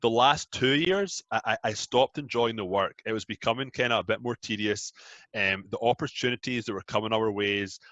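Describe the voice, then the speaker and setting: Scottish man, thirties, bright low voice, relaxed talkative guest, dry close sound. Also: moderate pace, dry recording, muffled recording. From Scotland. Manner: chatty, self-deprecating, laughs easily. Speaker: guest, app founder. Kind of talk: casual interview chat.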